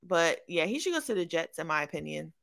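Brief: young woman sports co-host, bright forceful tone, animated casual debate. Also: lowish voice, a little fast, creaky. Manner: animated, laughs often, trails off mid-thought.

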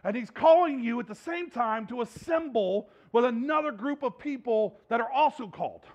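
A man preaching a sermon as pastor, animated and acting out playful voices, with rising exhortations. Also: very high voice, normal speed, lo-fi sound.

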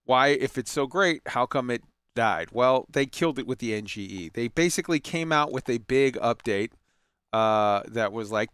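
Male gaming talker, casual and profane, rambling and enthusiastic; smooth, clean voice, dry close sound. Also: mid-range voice, moderate pace, fairly bright tone, no echo. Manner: rambling, profane, enthusiastic, many fillers and restarts. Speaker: gaming commentator. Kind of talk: casual chat.

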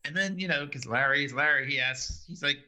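A man's voice: fairly high pitch, brisk, bright, forceful tone. A man co-hosting a podcast, animatedly retelling TV scenes in casual chat and acting out the quotes. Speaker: podcast co-host.

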